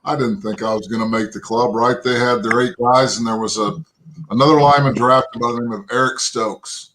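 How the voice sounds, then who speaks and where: A former football lineman from Texas, a man in his fifties, talks as a guest on a show. He tells long, rambling anecdotes in a folksy way. His voice sits at an average pitch and he keeps checking in with "right?". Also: fairly even intonation, fairly quick, a bit bright, slight background noise, poor audio. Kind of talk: interview storytelling.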